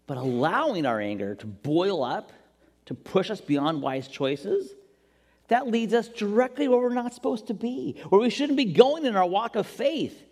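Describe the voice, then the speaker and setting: A man preaching a sermon as pastor, animated and jokey, acting out quotes as he goes. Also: high-pitched, unhurried, breathy edge. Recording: long reverb in a large hall.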